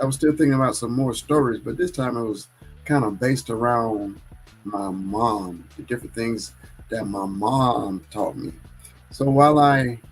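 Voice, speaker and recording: A man's voice: medium pitch, slightly rough, low-quality recording. A man hosting his own live stream, chatting casually and rambling, often correcting himself. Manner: rambling and self-correcting, churchy.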